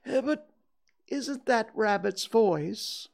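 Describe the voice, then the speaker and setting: A man voicing a slow, simple-minded bear who loves honey, drawing his words out hesitantly and starting with little "uh" sounds. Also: high-pitched, lively intonation, gravelly, pitched above the performer's own voice, heavily acted. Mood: puzzled.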